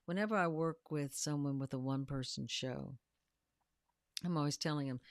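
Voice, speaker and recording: A woman co-hosting a casual panel chat, telling animated stories and acting out what people say. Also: deep voice, moderate pace, no room sound, studio quality. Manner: animated storyteller who acts out quotes. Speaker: podcast co-host.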